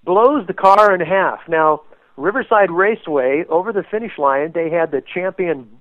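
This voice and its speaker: A man guest telling a story in an animated way, acting out quotes with sudden loud bursts, as a race car paint designer. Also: high-pitched, moderate pace, dry recording. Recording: tinny phone-like line, dry.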